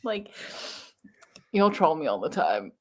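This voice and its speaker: Northern English woman, slightly low voice, giggly and rambling casual streamer chat. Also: big pitch swings, slow pace, slightly rough. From Lancashire, England. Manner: giggly, rambling, lots of fillers. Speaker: booktube host.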